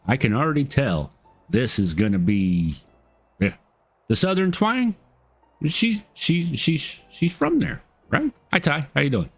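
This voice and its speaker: A man's voice: mid-range voice, sing-song, unhurried, breathy edge, faint music behind. A middle-aged man streaming a game, chatting casually and crudely, joking and swearing freely. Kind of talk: casual gaming stream chat.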